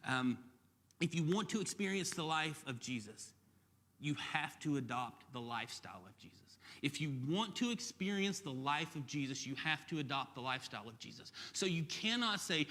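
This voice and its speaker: A man from Alabama with a Southern accent, preaching a sermon as campus pastor, talking fast and joking. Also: fairly high pitch, big-room sound. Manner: fast, animated, quick to joke. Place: church hall.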